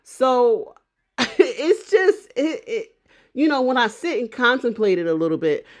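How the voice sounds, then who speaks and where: A woman's voice: a little high, expressive, a little slow. A woman vlogger giving casual opinion commentary, thinking aloud and often restarting and repeating phrases.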